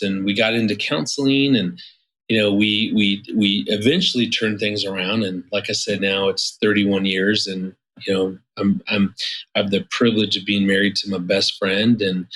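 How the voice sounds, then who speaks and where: A man in his fifties with a lowish voice talks through his story as a podcast guest. He rambles loosely and restarts his sentences often. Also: steady tone, normal speed, fairly bright tone, breathy edge, rough recording. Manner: rambling, many restarts and fillers. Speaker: guest marriage therapist. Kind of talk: casual interview storytelling.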